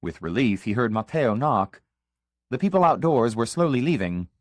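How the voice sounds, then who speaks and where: Male audiobook narrator, very lively pitch, dry close sound. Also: normal speed, no room sound.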